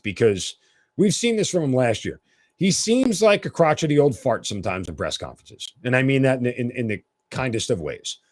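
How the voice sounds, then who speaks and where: A man's voice: medium pitch, dry recording, studio quality. A man hosting a sports talk podcast, giving opinionated, emphatic commentary.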